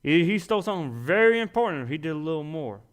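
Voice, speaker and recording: A young man preaching at a church service, talking in a folksy, self-deprecating way. His voice sits a little high for a man, and he builds to loud, emphatic peaks before dropping back to quiet confession. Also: big pitch swings, quick pace. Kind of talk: sermon.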